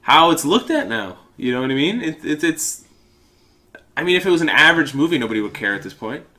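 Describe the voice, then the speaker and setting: Podcast co-host, male, sick, rambling and laughing, bright voice. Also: fairly high pitch, very animated, brisk. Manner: rambling, restarts, laughs easily. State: sick, coughing. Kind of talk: casual chat.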